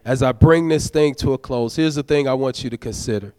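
A man's voice: mid-range voice, fairly quick, warm tone, clear, resonant tone, no room sound, clean studio sound. A man, a deacon, preaching a sermon, urging the congregation in a conversational, folksy way and prodding them for amens. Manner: exhorting, prods the congregation for amens.

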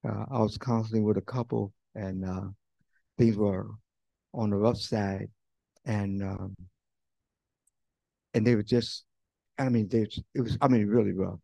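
A man preaching a sermon as pastor, talking conversationally and swinging from loud bursts to hushed near-whispers. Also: fairly low pitch, steady tone, measured pace, creaky, long pauses, no echo. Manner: conversational preaching with fillers and quoted voices.

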